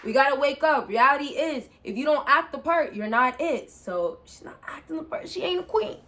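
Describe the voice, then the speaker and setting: A woman's voice: sits high, lively intonation, fairly quick, a bit bright. Blunt young woman lecturing. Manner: blunt, preachy, repeatedly apologetic. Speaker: vlogger giving dating advice. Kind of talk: casual advice monologue. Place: indoors, seated in a rolling chair.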